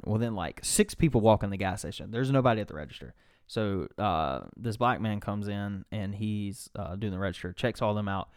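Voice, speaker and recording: A man's voice: fairly low pitch, darkish tone, no echo, clean studio sound. Laid-back man telling a story. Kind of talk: casual storytelling chat.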